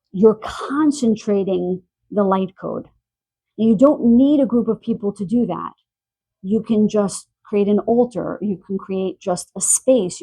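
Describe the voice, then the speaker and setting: A woman giving a spiritual pick-a-card reading, gentle and searching, relaying messages with pauses and fillers. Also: medium pitch, breathy edge, no echo, poor audio. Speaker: tarot card reader. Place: quiet room in the evening.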